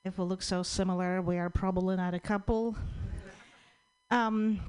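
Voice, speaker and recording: A woman comedian with a Russian-Ukrainian accent, a native Russian speaker doing a deadpan stand-up set at an open mic, with many pauses and ums. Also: medium pitch, clear, resonant tone, poor audio.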